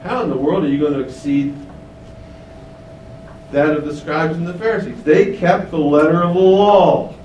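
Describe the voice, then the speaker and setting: High-voiced emphatic preacher in an echoey hall. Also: male voice, normal speed, pauses often, a little mellow, dull audio. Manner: emphatic, asks the congregation questions and repeats lines. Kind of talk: sermon. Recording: echoey room, mic at a distance, faint rumble.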